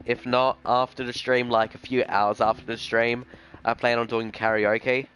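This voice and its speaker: A man's voice: medium pitch, little pitch movement, normal speed, fairly bright tone, clean tone. A young man live-streaming a game, chatting casually and rambling in slang, often tossing in "bro". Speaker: gaming streamer. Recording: faint music behind the voice.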